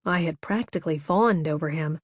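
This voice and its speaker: A woman narrating a romance audiobook in the first person, with a measured, intimate delivery. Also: deep voice, no echo, studio quality.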